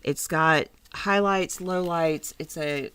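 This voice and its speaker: A woman's voice: deep voice, takes it slowly, fairly bright tone, smooth. A woman co-hosting a wig shop livestream, casually explaining product details. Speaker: co-host presenting wigs. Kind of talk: casual chat, product presenting.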